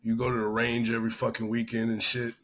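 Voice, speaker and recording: A man co-hosting a casual podcast, talking in a profane, rambling, animated way and telling stories. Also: mid-range voice, quick pace, slight background noise. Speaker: podcast co-host. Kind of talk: casual chat.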